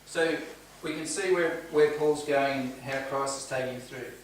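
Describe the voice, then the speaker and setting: A man's voice: medium pitch, steady tone, normal speed, a little hiss or hum. Man teaching in an echoey room. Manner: earnest, asks the group questions. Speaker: Bible study leader. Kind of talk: interactive Bible teaching. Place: home church room. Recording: echoey room, distant mic, faint ambience.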